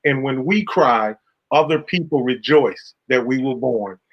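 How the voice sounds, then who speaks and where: A man's voice: mid-range voice, unhurried, highs cut off. A man hosting a faith talk show, speaking in a preacherly, affectionate, exhorting way. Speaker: host. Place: Carolina.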